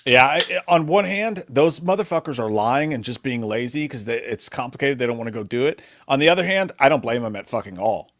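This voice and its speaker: A man's voice: medium pitch, expressive, fairly quick, hardly any pauses, a bit bright, no echo. A man co-hosts a live movie talk stream from a home setup, rambling into profane, joking rants. His voice sits mid-range and sounds dry and close to the mic. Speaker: co-host of a live movie show. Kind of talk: casual live-stream chat.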